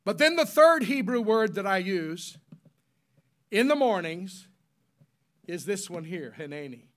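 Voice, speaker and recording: This high-voiced preacher addresses his congregation, spelling out key words at a slow pace and leading the people to repeat them. His pitch swings widely as he builds to loud, emphatic moments and then falls into hushed solemnity.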